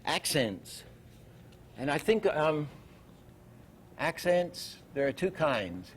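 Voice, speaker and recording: A man's voice: fairly high pitch, sing-song, slow, a little hiss or hum. An older man giving a lecture on animation, telling anecdotes and acting out the lines he quotes. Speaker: animation teacher.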